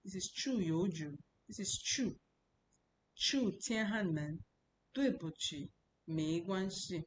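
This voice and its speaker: Low-voiced woman teaching a lesson. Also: takes it slowly, slight background noise, poor audio. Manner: repeats words and drills tones. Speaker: language teacher. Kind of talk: classroom lesson.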